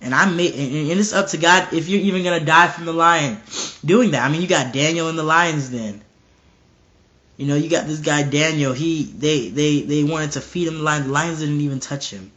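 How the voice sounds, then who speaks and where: A man with a slightly high voice preaches casually and earnestly at a moderate pace, often stumbling and repeating words. He's animated and now and then acts out bold dialogue. The recording is dull and lo-fi.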